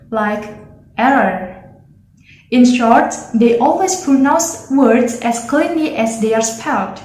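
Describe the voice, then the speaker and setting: A woman's voice: sits high, a little mellow. A young woman from Indonesia, a student giving a careful, explanatory class presentation on pronunciation. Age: young adult. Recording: echoey room.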